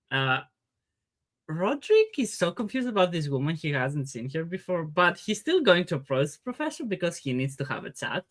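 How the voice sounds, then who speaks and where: A woman's voice: on the low side, sing-song, moderate pace, no echo. A woman playing a tabletop game, chatting enthusiastically. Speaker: player. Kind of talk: tabletop role-play chat.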